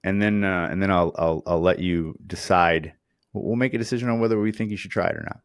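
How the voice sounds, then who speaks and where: A man's voice: low voice, quick pace, no echo, studio quality. A man co-hosting a casual chat, telling stories with lots of fillers and acting out quoted voices. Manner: animated storyteller, acts out quoted voices. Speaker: podcast co-host.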